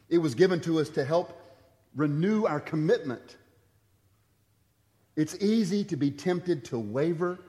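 A man preaching a sermon, swinging from loud, urgent emphasis to quiet, hushed asides. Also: on the high side, long reverb tail. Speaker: pastor.

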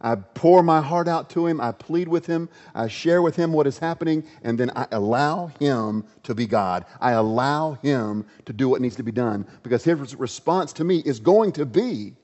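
Man preaching, conversational sermon, mid-pitched voice, long hall echo, dull lo-fi sound. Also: moderate pace, hardly any pauses. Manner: conversational, animated storytelling preacher. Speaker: pastor.

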